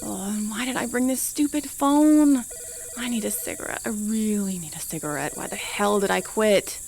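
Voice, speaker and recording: A woman's voice: medium pitch, normal speed, creaky, a little mellow, a little hiss or hum, close to an everyday voice. A woman playing a weary, sarcastic out-of-work journalist with a faded Southern accent in an audio drama. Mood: wry. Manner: dry, sarcastic, muttering to herself. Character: weary unemployed woman journalist back home.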